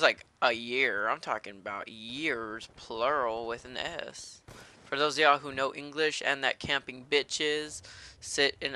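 Ranting, cussing man with a very bright voice. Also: mid-range voice. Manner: profane, ranting, fired-up rage. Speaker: gaming commentator. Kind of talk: live gameplay commentary.

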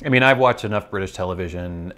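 A man's voice: sits low, fast talker, fairly bright tone. A man with a General American accent, rambling in a casual monologue and musing aloud as he explains things. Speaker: vlogger.

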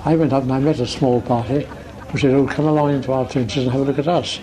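A man's voice: mid-range voice, fairly even intonation, fast, warm tone, rough recording. An older veteran man recounting his memories in an archive oral-history interview, understated and amused. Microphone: archival interview recording.

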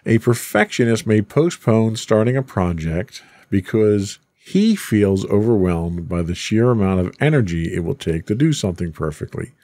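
A man's voice: lowish voice, very animated, normal speed, hardly any pauses, a little mellow, dry recording, clean studio sound. A man hosting a podcast, reading a script aloud between teasing, casual banter with his co-host.

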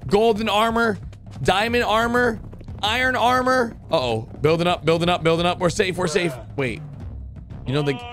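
A man hosting a reaction video, excitedly commenting and cheering characters on with loud exclamations. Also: medium pitch. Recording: music playing under the voice.

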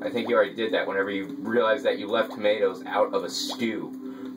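A man giving casual gameplay commentary as a let's play gamer, excitable and quick to mock his own frustration. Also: fairly low pitch. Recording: distant mic with game music behind.

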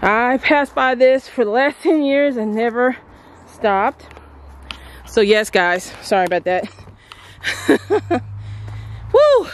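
A woman vlogging outdoors at an old stone landmark, chatting excitedly to her viewers on a handheld phone camera. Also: a little high, a little slow, a little hiss or hum. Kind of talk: casual vlog narration. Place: outdoors at a historic stone furnace.

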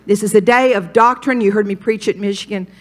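An older woman preaching a sermon at a women's retreat, animated and folksy, jumping up in pitch for emphasis. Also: fairly quick. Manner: animated, folksy storytelling with sudden rises in pitch.

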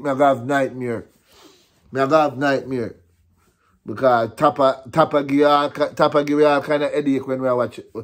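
A Jamaican man ranting on his vlog, frustrated and repetitive, slipping between patois and English. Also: medium pitch. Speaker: vlogger.

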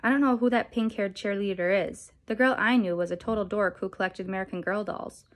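A woman's voice: mid-range voice, a little fast, lightly acted. Woman voicing a sensitive, defensive teenage girl in a storybook, tearful, slightly raised voice. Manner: tearful, pleading.

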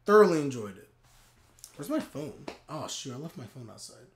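A man streaming a live anime reaction, talking in an excitable, animated way. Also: medium pitch, moderate pace.

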